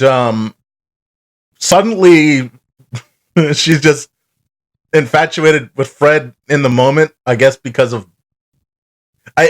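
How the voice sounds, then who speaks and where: A man co-hosting a cartoon podcast, retelling the plot in rambling, profane, casual chat. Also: medium pitch. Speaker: podcast co-host.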